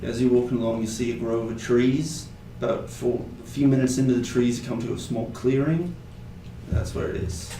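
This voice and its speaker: A man's voice: medium pitch, fairly even intonation, normal speed, mellow, a little hiss or hum, close to an everyday voice. A man doing a drunk, secretive treasure hunter. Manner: slurred, rambling, conspiratorial. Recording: roomy, distant mic.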